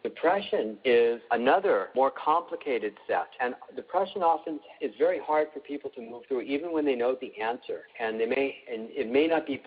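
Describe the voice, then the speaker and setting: A middle-aged man explains emotional healing to a live online class, calm and instructive, leaning on repetition to drive points home. His voice is a little husky and comes through a narrow, tinny line like a phone call. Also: medium pitch, normal speed, hardly any pauses.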